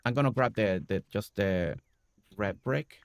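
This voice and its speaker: A man's voice: lowish voice, measured pace, no echo. A man casually talking viewers through his building ideas on a live game stream, rambling with many fillers and restarts.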